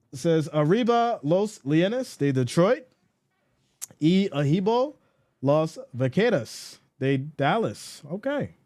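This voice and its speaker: A man hosting a casual sports live stream, reading viewer comments aloud and answering them in an animated, mock-exasperated way. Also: on the high side.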